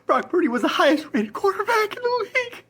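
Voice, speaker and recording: A woman's voice: fairly high pitch, sing-song, takes it slowly, a bit bright, a little hiss or hum, full character voice. A woman playing a distraught fantasy football manager in a comedy skit, sobbing, whispering and panicking. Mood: panicked, wailing. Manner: sobbing, whispering, swinging between panic and despair.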